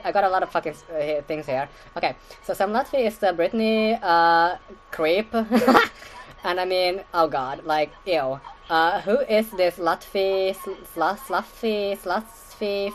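Low-voiced woman rambling through podcast gossip. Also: low-quality recording. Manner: profane, filler-heavy, laughing asides. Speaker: podcast recap host. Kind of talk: casual rambling podcast commentary.

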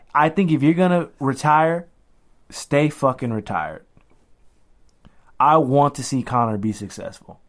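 A young adult man co-hosting a podcast in casual chat, slangy and animated, often quoting others in voices. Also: mid-range voice. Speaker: podcast co-host.

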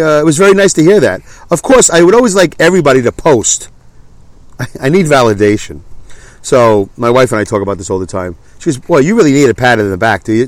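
A man's voice: mid-range voice, no room sound. A man hosting a solo podcast, rambling and self-deprecating, his voice stuffy from a clogged nose. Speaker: podcast host. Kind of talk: casual solo podcast monologue.

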